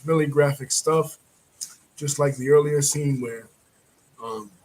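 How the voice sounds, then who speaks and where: A man's voice: fairly high pitch, fairly even intonation, measured pace, a little mellow, low-quality recording. Rambling man recapping a film. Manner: rambling, clears throat, many fillers. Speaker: movie reviewer. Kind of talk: casual plot recap.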